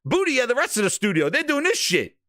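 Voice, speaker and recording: A man hosting a casual commentary show, reacting to videos with profane, laughing, animated rants. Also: very high-pitched, quick pace. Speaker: host.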